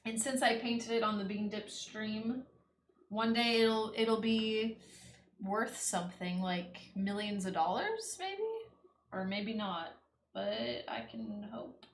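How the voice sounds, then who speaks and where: A woman's voice: medium pitch, expressive, slow, slight background noise. A young woman streaming while she paints, chatting loosely with lots of "like" and "you know.". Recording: echoey room with faint ambience.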